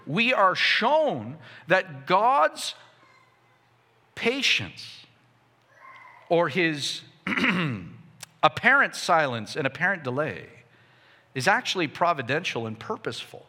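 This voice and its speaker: A man preaching a sermon to his congregation, impassioned and building to near shouts. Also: fairly high pitch, sing-song, slow pace, long pauses. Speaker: pastor. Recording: long reverb of a hall.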